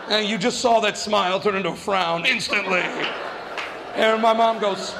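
A male stand-up comedian with a fairly high voice tells a story in an animated way, jumping into quoted voices. His voice carries a long hall reverb, with faint room ambience behind it. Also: moderate pace, creaky, noisy background. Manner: animated, acts out quoted voices with big jumps.

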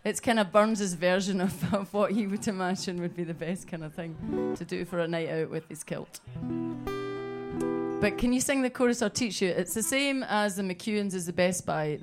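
Scottish woman, folk singer, fairly low voice, jokey stage banter, faint music behind. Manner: storytelling, jokey, coaxing the audience to sing. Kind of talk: chatty between-song banter.

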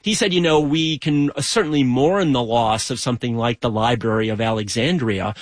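A male author guest in a radio interview explains his ideas in a relaxed, conversational way. His voice sits at a middle pitch and sounds dry and close to the mic. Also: moderate pace, no room sound.

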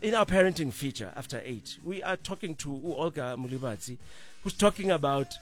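A middle-aged man, co-hosting a morning radio show in easy, animated chat from a studio. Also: a little high, brisk, soft background music. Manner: animated, laughs easily, restarts and fillers. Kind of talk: casual breakfast radio chat.

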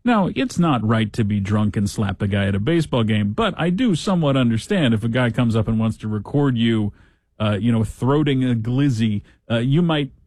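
A man's voice: mid-range voice, expressive, moderate pace, darkish tone, no room sound. A man hosting a talk show, giving casual news commentary with sarcastic, joking asides.

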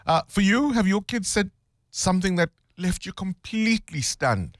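A man's voice: sits high, lively intonation, moderate pace, dry recording, studio quality. A man hosting a casual radio chat, laughing often as he talks. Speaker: radio host.

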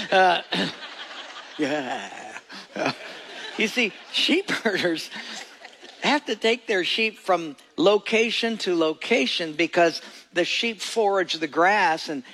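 A man's voice: high-pitched, vocal fry, fairly bright tone, in a large hall, poor audio. A male pastor delivering a folksy, storytelling sermon and putting questions to his congregation.

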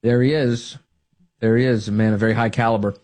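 A man's voice: mid-range voice, fairly even intonation, fairly quick, heavy background noise. A man hosting a talk radio show, delivering a sarcastic, mocking monologue and laughing at his own jokes.

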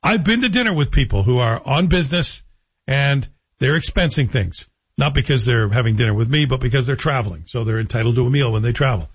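Guy ranting about politics, sarcastic rhetorical questions, kinda raspy, muffled dry audio. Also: medium pitch, animated, fairly quick, no room sound. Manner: sardonic, rhetorical questions to the listener. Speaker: political commentator. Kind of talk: opinionated monologue.

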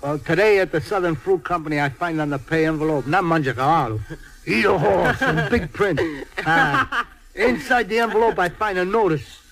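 Excitable stammering truck driver, middle-aged man, high voice, old film drama. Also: normal speed, rough recording. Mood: earnest. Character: emotional Italian immigrant truck driver, man.

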